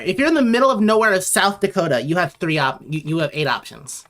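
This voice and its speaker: A woman's voice: on the low side, expressive, fast talker, hardly any pauses, fairly bright tone. A young woman from Connecticut chatting casually on a late-night drawing livestream, rambling and answering viewers as she reads their messages aloud. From Connecticut, USA.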